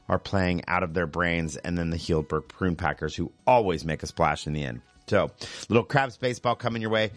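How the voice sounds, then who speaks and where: A man hosting a morning radio show, with a rough morning voice, chatting in an upbeat, rambling way and correcting himself as he goes. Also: lowish voice, fairly bright tone. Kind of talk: casual radio chat with announcements. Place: radio studio. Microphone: studio microphone.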